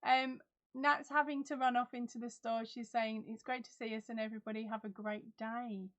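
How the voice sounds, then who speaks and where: A woman's voice: a little high, level tone, moderate pace, fairly bright tone. A middle-aged woman hosting a casual live chat from home, reading out viewer comments, giggling and talking a lot. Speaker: livestream host.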